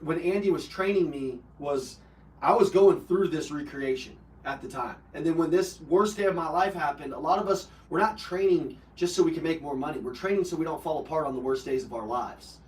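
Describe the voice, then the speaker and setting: Recorded from afar in a roomy space, a man talks at normal speed in a slightly high, somewhat mellow voice. He's leading a live personal development call and bluntly recounts an emotional personal story, peppered with swearing and fillers.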